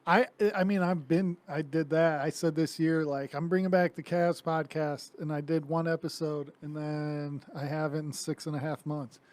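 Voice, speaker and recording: A man joins a podcast as a guest, talking in an easygoing, casual way. His voice sits a bit high, and he often trails off mid-thought. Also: fairly even intonation, moderate pace, hardly any pauses. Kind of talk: casual chat.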